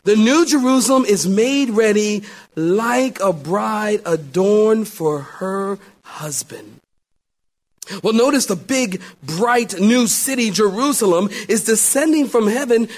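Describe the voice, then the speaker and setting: A middle-aged man, a pastor, preaching a sermon and telling a story, swinging between loud exclamations and hushed asides. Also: sits high, lively intonation, slow.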